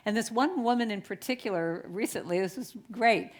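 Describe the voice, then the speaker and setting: Middle-aged woman, guest speaker, animated and chatty storytelling sermon. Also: mid-range voice, moderate pace. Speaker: guest speaker at a spiritual center.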